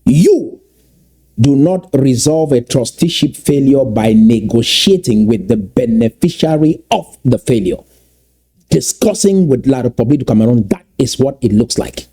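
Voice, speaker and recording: A man giving impassioned political commentary, emphatic and repeating key points slowly for weight. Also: mid-range voice, lively intonation, warm tone, husky.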